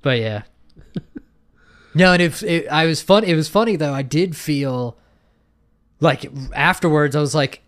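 A man's voice: on the high side, moderate pace, long pauses, a bit bright. A man co-hosting a podcast in casual chat, rambling with lots of fillers and swearing. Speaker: podcast co-host.

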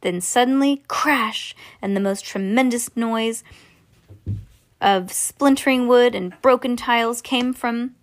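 A woman's voice: a little high, slow. Woman casually reading a storybook aloud. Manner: relaxed, stumbling over words, chatty asides. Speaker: reader to children.

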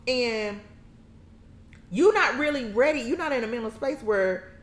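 A woman hosting a casual chat, talking animatedly, laughing often and acting out quotes in a high voice. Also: expressive, a little slow. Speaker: podcast host. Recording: echoey room with faint noise.

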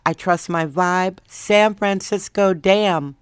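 A middle-aged woman hosting an opinion podcast, ranting bluntly and emphatically with drawn-out delivery. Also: mid-range voice, a bit bright, no room sound, clean studio sound. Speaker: podcast host.

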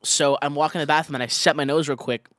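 A man's voice: a little high, steady tone, fast, a bit bright, slight background noise. A man in casual chat, telling a long story full of restarts and fillers. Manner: rambling storyteller, heavy on "like" and restarts.

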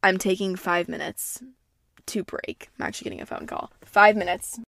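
A woman's voice: lowish voice, sing-song, normal speed, gravelly. A young adult woman hosting a podcast in casual solo chat, rambling, swearing freely and speaking candidly. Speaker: podcast host.

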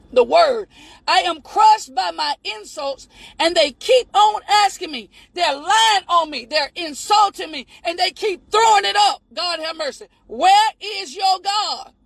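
A woman preacher with a very high voice and a gravelly edge, delivering a fervent sermon. She shouts her points and cries out to God between lines. The sound is dry and close. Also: moderate pace, dry recording, rough recording.

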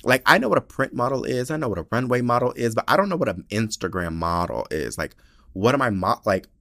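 A man hosting a podcast, chatting casually and reading listener letters in a sassy, profane, animated way, sounding tired. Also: mid-range voice, a little fast, dry recording, studio quality. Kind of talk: casual chat.

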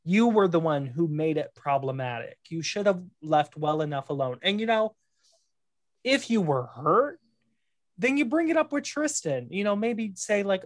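Opinionated co-host, lots of fillers, dry close mic, mid pitch. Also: moderate pace, no room sound. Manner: animated, opinionated, many fillers. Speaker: podcast co-host. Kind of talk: casual chat.

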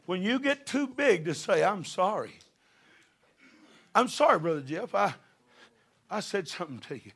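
Middle-aged male preacher, high-pitched and gravelly, fervent. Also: sing-song, unhurried, pauses often. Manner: fervent, building to shouted passages. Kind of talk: sermon.

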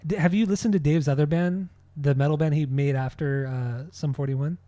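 A man's voice: fairly high pitch, steady tone, normal speed, mellow, dry recording. Laid-back man in casual podcast chat. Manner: laid-back, swears, repeats phrases. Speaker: podcast co-host.

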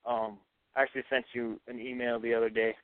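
Teen guy caller, from New Mexico, halting and unsure, tinny dry phone line. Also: mid-range voice, little pitch movement, dry recording. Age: teens. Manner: hesitant, halting, full of fillers. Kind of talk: phone call to a radio show.

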